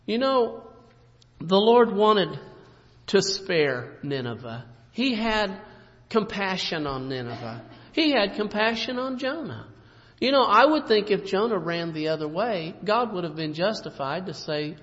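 A man preaching a sermon with an emphatic delivery that swings between loud and soft. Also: sits high, animated, a little slow. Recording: dull lo-fi recording in a reverberant hall.

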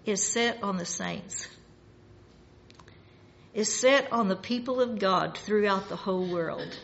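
A woman preaching a sermon in a slow, measured way, rising in force for emphasis. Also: mid-range voice, creaky, muffled recording.

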